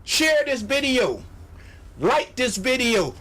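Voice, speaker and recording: A man with a strikingly high-pitched voice gives a motivational sales pep talk as a radio show host. He exhorts his listeners like a preacher, repeats phrases over and over, and mocks doubters in put-on voices. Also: sing-song, takes it slowly, sharp tone.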